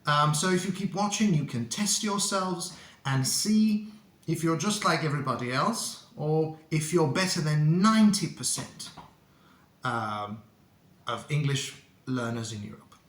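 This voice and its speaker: Slow, careful male English teacher. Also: a little high, animated. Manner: slow, deliberate, repeats words for learners to copy. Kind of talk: pronunciation lesson to camera. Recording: echoey room.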